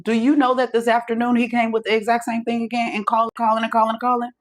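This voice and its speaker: Speaking quickly in a fairly high, level voice, a middle-aged podcast host spins casual stories from her home. She swears freely and does the voices of the other people in her tales.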